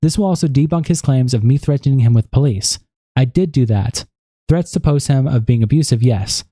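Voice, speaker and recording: A man with a mellow, relaxed voice reads out statements and messages in a plain, steady way. The recording is dry and close, with no room sound. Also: mid-range voice, brisk, dry recording. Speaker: online commentator. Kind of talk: reading messages and statements aloud.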